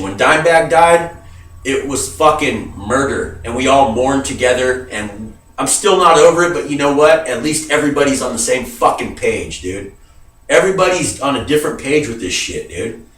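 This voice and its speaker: A man's voice: mid-range voice, animated, moderate pace, a bit bright, distant mic. A grieving, agitated man ranting to camera, swearing heavily and calling his viewers dude. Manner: heavy swearing, emphatic, calls viewers dude. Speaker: vlogger. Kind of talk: emotional rant to camera. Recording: roomy sound from away from the mic.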